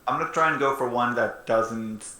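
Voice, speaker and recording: A man's voice: mid-range voice, fairly quick, sharp tone. A man playing a tabletop game, asking laid-back questions and calling his shots. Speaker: player. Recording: roomy echo, faint noise.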